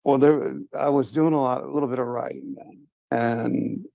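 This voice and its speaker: A man's voice: medium pitch, fairly even intonation, moderate pace, gravelly, mellow, no room sound. A man hosting a livestream, earnestly recounting a personal experience in a casual, confiding way. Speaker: livestream host. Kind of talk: casual first-person storytelling. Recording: dull lo-fi stream audio.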